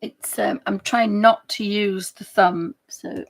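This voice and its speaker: A woman's voice: mid-range voice, steady tone, takes it slowly, creaky. A woman chatting casually and giggling as she draws live for viewers. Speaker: digital artist streamer. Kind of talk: casual chat while drawing live.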